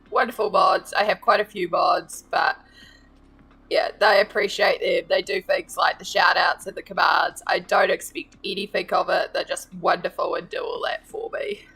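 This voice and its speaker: A woman's voice: fairly low pitch, vocal fry, bright, forceful tone, breathy edge. A woman, chatting casually with viewers on a live stream while she colours, greeting and thanking them by name. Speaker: art streamer.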